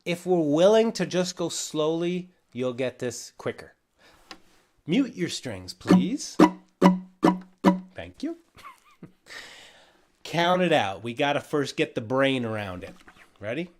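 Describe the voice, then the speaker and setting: A man teaching a ukulele lesson on a livestream, relaxed and encouraging, counting out beats as he explains. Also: fairly high pitch, takes it slowly, long pauses, faint music behind. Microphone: livestream camera mic.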